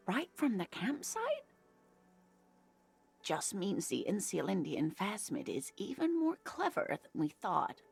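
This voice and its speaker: Gentle older woman in a game, slow, very lilting pitch. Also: huge pitch swings, creaky, husky, soft background music, full character voice. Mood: fond.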